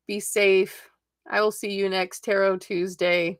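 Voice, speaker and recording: A woman's voice: medium pitch, fairly even intonation, a little slow, sharp tone. A woman in her forties hosting a casual live stream and reading tarot cards, chatty and laughing often as she talks to her viewers. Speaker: host.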